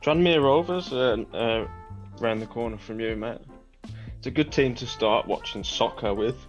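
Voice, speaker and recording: A man's voice: mid-range voice, normal speed, soft background music. A man co-hosting a live trading show, chatting casually with matey banter and calling his co-host "mate".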